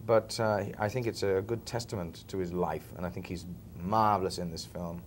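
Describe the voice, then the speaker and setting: Low-voiced chatty actor. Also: male voice, fairly even intonation, moderate pace, a little hiss or hum. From England, Liverpool. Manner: chatty storyteller, often chuckling. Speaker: film actor guest. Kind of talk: relaxed interview chat.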